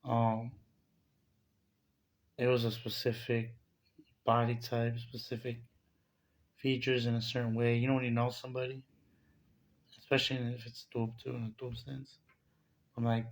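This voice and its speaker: Man, gravelly voice, flat delivery, casual spiritual testimony, rambling with fillers. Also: medium pitch, a little slow, long pauses. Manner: rambling, many fillers and restarts.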